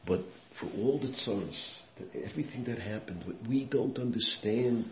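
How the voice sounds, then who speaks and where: A man giving a sermon with storytelling, dropping to hushed tones and rising to loud emphatic bursts, with Yiddish and Hebrew words mixed in. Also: medium pitch, normal speed. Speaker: rabbi giving a talk. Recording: echoey room, muffled sound, faint background noise.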